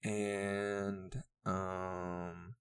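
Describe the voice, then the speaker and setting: A young man hosts a casual solo podcast, rambling, swearing, and laughing often as he chats. His voice is low-pitched and smooth, with little pitch movement and drawn-out words.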